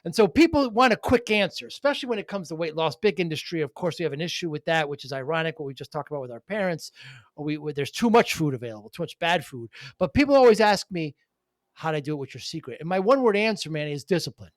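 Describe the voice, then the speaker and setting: A man's voice: on the high side, sing-song, fast, no echo, clean studio sound. A middle-aged man co-hosting a casual talk, telling rambling stories and laughing often. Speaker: podcast co-host, business owner. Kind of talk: casual conversation.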